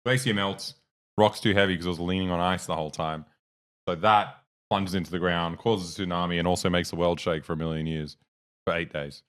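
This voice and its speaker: A man's voice: low voice, steady tone, fairly quick, smooth. A young man co-hosting a casual news chat, blunt and jokey, swearing freely. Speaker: podcast co-host.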